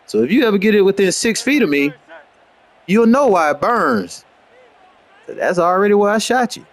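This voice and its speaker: A man streaming a football video game, rambling in brash, boastful, profane commentary and trash talk, dropping to low mutters and then jumping into high outbursts. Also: sing-song, normal speed. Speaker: gamer streaming gameplay.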